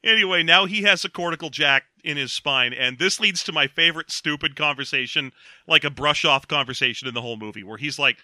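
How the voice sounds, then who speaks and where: A man's voice: on the high side, a little fast, pushed and bright, dry recording. A man co-hosting a casual comedy chat about a film, sarcastic and given to acting out silly character voices. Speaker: podcast co-host reviewing a film.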